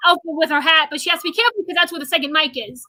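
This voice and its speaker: A young woman with a high, bright voice chats excitedly on a livestream, full of ums and likes. The sound is close and dry. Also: dry recording, poor audio. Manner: quick, excited recounting with many fillers. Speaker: guest, theater fan. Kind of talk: casual livestream chat.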